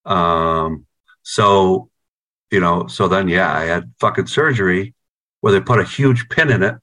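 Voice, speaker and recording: A guitarist telling stories in a casual interview over a video call, rambling and swearing constantly. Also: male voice, deep voice, measured pace, pushed and bright. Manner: rambling, profane, heavy on "you know". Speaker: guitarist in a band.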